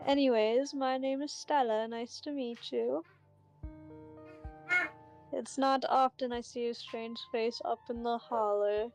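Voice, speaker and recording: A woman's voice: a little high, steady tone, slow, darkish tone, faint music behind. A woman reading as a friendly small-town girl. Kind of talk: reading game dialogue aloud.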